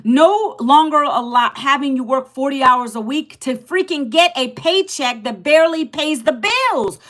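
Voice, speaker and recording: Loud, passionate woman in her fifties. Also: high-pitched, moderate pace. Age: 50s. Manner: rambling, emphatic, repeats herself. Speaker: livestream host. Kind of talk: casual livestream talk.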